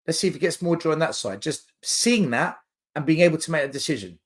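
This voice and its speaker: A man talking football on a podcast, his voice rising and falling in a lively, animated way. He lays out his argument in clear numbered points. The delivery is casual but emphatic. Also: a little high, quick pace. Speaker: podcast co-host.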